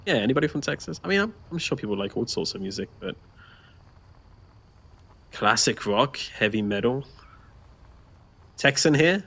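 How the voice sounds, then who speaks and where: A man's voice: mid-range voice, lively intonation, moderate pace, long pauses, pushed and bright, slightly rough. Chatty man laughing between remarks. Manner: chatty, laughs often, reads out viewer comments. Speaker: stream co-host. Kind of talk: casual livestream chat.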